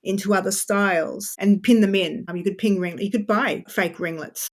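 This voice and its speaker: A woman author talks as a podcast guest, her voice sitting at an ordinary middle pitch. She explains history in a chatty, animated way. She keeps breaking off into asides as she goes. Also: moderate pace. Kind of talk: podcast interview.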